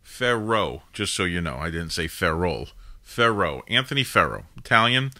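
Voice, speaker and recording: A man's voice: low voice, big pitch swings, a little fast, sharp tone. A man in his fifties hosting a live call-in show, telling a family story in a rambling, casual way full of asides. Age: 50s. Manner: rambling, digressive, with frequent "now" and "you know" asides.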